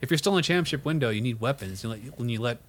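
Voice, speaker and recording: A man co-hosting a sports podcast, making sarcastic jokes with quick asides. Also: mid-range voice, expressive. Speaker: podcast co-host. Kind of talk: casual sports podcast banter.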